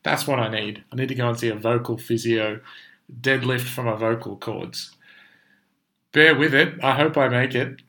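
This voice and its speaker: A man's voice: mid-range voice, steady tone, normal speed, pushed and bright. A young man hosting a podcast, talking bluntly and emphatically while his voice is strained from overuse. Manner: blunt, emphatic, swears when making a point. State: losing his voice. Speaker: podcast host. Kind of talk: casual solo podcast monologue.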